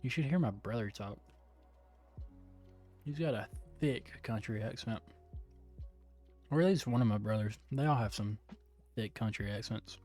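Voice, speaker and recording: A man's voice: fairly low pitch, normal speed, long pauses, darkish tone, soft background music. Man with a slight Southern drawl. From Southern United States. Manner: stumbling, self-correcting reading. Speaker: streamer. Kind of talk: reading a visual novel aloud.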